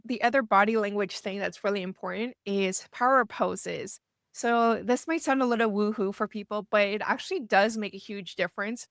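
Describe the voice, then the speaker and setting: A woman who works as a fundraising consultant gives a conversational lesson to camera in a medium-pitched, slightly bright voice. The recording is studio quality with no room sound, and she's chatty, often starting with "so" and checking in with the listener by asking "right?".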